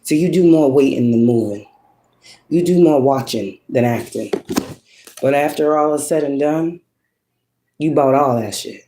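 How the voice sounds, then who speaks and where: A woman's voice: rumbling low, a little slow, long pauses, reverberant, noisy background. A woman giving a casual spiritual monologue, preachy and profane, asking rhetorical questions and laughing often. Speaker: spiritual influencer.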